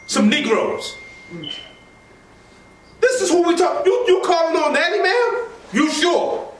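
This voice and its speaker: Animated man preaching in an echoey hall. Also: very high-pitched, slow pace, slight background noise. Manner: animated, conversational preaching with asides and laughter. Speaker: religious teacher. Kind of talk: informal sermon class. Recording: echoey room from far off mic.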